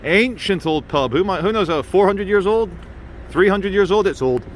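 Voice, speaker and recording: A man's voice: high-pitched, expressive, moderate pace, slight background noise. A man filming a walking vlog outdoors in a city, giving jokey, chatty tour-guide commentary. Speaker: vlogger.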